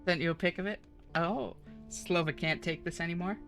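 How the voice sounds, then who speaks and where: A woman's voice: on the low side, steady tone, normal speed, fairly bright tone, faint music behind. A woman streaming a video game live, bantering with chat in a flirty, teasing way and trading puns.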